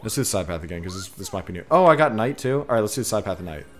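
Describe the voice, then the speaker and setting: A man playing a photo game and giving casual commentary, talking excitedly to the creatures on screen. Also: deep voice, very fast. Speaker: gaming streamer. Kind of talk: casual let's-play commentary. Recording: faint game music behind. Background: faint game music.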